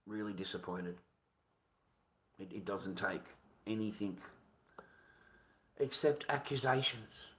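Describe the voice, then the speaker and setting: A man's voice: fairly low pitch, slow pace, long pauses, fairly bright tone, rough recording. Aggrieved Australian man ranting. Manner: swearing, aggrieved, repeats himself. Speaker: livestreamer. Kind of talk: casual livestream rant.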